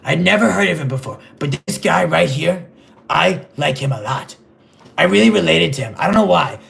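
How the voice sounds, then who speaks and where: A man playing a vain, clueless rich male superhero in a comedic livestream sketch, rambling in a deadpan, gravelly voice. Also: fairly high pitch, normal speed, full character voice. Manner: rambling, deadpan, self-absorbed.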